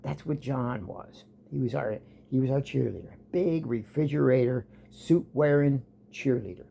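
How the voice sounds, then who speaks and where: A man's voice: medium pitch, vocal fry, mellow, slightly rough. A man vlogging a rambling, sarcastic rant about an old job, often trailing off.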